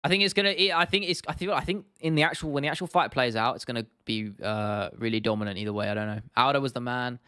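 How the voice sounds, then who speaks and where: A man's voice: mid-range voice, quick pace, few pauses, sharp tone, clear, resonant tone, dry recording, studio quality. A young British man in his twenties, live-streaming casually, rambling, swearing now and then and answering chat comments. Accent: British English. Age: 20s. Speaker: YouTube streamer.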